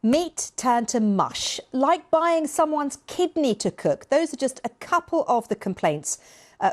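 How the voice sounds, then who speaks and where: Her voice is mid-range and a touch mellow as she hosts live news in a studio. Between items she tosses jokey, playful asides to her co-workers, speaking into a presenter's microphone while wearing an earpiece.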